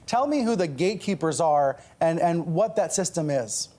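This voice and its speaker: A man anchoring a TV news show, introducing a live guest in a measured, deliberate way. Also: a little high, animated, dark tone. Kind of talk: broadcast interview introduction.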